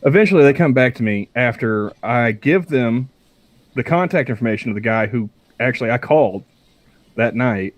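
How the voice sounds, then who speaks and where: A man telling a story in casual podcast chat, his voice at an everyday middle pitch. He halts often and fills the gaps with "uh" and "you know" as he goes. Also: expressive, no echo. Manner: storytelling, halting with fillers. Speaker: podcast co-host.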